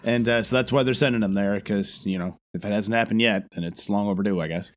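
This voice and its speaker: A man's voice: on the low side, fairly even intonation, fast. A man co-hosting a podcast, recapping a cartoon with nerdy, nitpicky, dry remarks. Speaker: podcast co-host. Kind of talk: casual cartoon recap chat.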